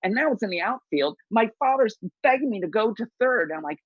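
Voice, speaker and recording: A man telling a personal story at a story slam, animated and self-mocking, over a video call. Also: high-pitched, a little fast, hardly any pauses, husky, dry recording, lo-fi sound.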